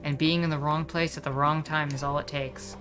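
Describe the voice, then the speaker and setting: A woman voicing a stern, weary female cop from a video game, speaking slowly in low, grave warnings. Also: level tone, music in the background, natural voice. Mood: grim warning.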